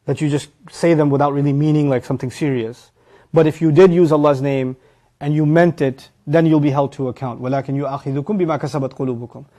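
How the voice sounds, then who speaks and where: Animated man preaching a sermon. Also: fairly high pitch, rapid-fire. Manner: animated, swings from loud emphasis to quiet asides; recites Arabic phrases and explains them in English. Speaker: preacher teaching Quran. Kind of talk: lecture-style sermon.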